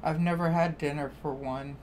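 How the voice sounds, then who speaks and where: A woman's voice: sits low, steady tone, moderate pace, background noise. An American woman streamer chatting casually, telling stories with quoted back-and-forth. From United States. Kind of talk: casual chat on a live stream.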